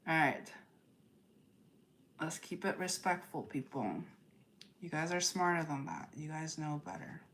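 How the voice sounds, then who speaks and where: Slow, low-voiced woman reading tarot live. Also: a bit bright, a little hiss or hum. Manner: addresses viewers directly, repeats phrases, ends points with "okay?". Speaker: tarot reader.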